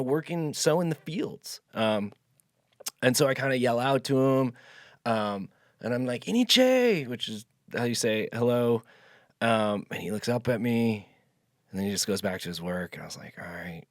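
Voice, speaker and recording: A young man co-hosting a podcast, telling a long anecdote in a casual, animated way and acting out the voices in it. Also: mid-range voice, no room sound, studio quality. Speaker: podcast co-host. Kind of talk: casual storytelling.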